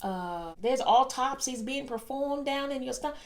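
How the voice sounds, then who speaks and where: Lively, high-voiced woman telling a story. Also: moderate pace. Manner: expressive, exaggerating, laughing often. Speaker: vlog host telling a personal story. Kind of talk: animated storytelling.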